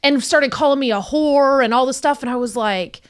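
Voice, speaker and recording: A woman's voice: high voice, normal speed, smooth. A woman, a podcast guest, telling a funny personal story in casual chat, swearing freely and rambling with lots of asides. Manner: profane, energetic, rambling.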